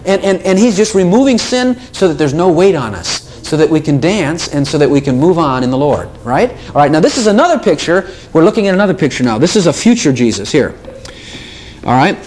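A man preaching a sermon, animated, swinging between loud exclamations and soft asides. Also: a little high, fairly quick.

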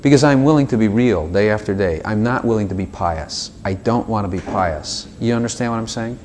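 A man's voice: lowish voice, fairly quick, a little hiss or hum. A man giving an informal sermon to a small group, talking straight to his listeners with lots of asides and little acted dialogues. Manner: animated, talks directly to listeners with frequent asides and acted dialogues. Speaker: preacher.

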